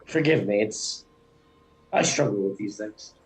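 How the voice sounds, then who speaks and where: A man's voice: fairly low pitch, expressive, measured pace, faint music behind, low-quality recording. A man playing at a tabletop game, teasing and stumbling over words. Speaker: player. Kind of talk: tabletop role-play chat.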